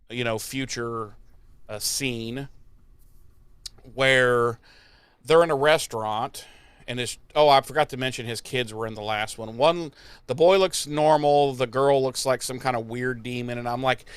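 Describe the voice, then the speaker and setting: A man's voice: mid-range voice, smooth, no echo. A young adult man co-hosting a podcast, recapping an episode in casual, profane chat and acting out quotes in exaggerated voices. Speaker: podcast co-host.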